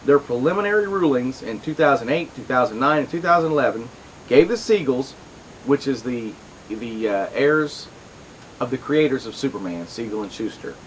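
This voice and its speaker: A man's voice: medium pitch, lively intonation, normal speed, slight background noise, rough recording. Chatty man hosting a comics show. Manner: rambling, chatty, full of asides and restarts. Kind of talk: casual chat and commentary.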